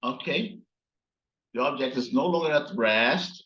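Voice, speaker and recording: A man teaching a physics class, slowly explaining while working on slides and often checking in with "right?". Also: mid-range voice, animated, sharp tone. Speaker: physics instructor. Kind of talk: recorded classroom lecture. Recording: echoey, dull lo-fi room sound.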